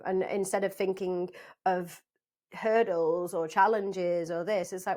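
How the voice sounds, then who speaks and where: Lively South African-born woman storyteller. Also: mid-range voice, moderate pace. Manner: lively storyteller, laughs often, acts out quotes. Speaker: guest. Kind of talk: casual interview chat.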